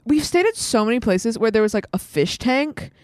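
A woman's voice: fairly high pitch, very animated, moderate pace, no echo, studio quality. A woman musician chatting as a podcast guest, telling loose stories with fillers and laughs. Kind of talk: casual podcast chat.

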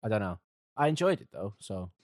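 Low-voiced male co-host, mumbling softly, dry close sound. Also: sing-song, fairly quick, no echo. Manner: hesitant, trailing off, mumbling softly. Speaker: podcast co-host reviewing music. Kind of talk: casual chat.

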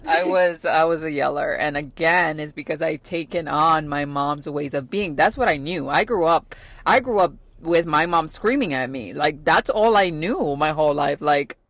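A woman's voice: low-pitched, moderate pace, a bit bright, dry recording. A woman in her thirties hosting a podcast, talking about parenting in a casual, reflective way, earnest, with many fillers and repeats. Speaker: podcast host.

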